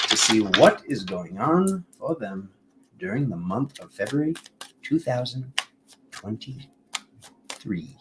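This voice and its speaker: A man's voice: medium pitch, very animated, slow pace, pauses often, very noisy. A man giving a casual, playful tarot reading, rambling between jokes and card meanings. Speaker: tarot reader.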